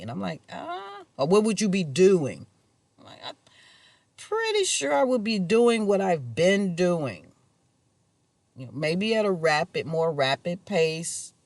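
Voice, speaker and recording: Guy rambling slow on his vlog, kinda high voice, dry close sound. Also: dry recording. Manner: casual, musing, chuckles to himself. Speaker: vlogger. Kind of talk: rambling personal monologue.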